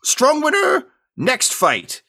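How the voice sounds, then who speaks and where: A man voicing an eager, fussy male bookie who talks in halting broken phrases. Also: very high-pitched, huge pitch swings, bright, forceful tone, voice pushed up, heavily acted.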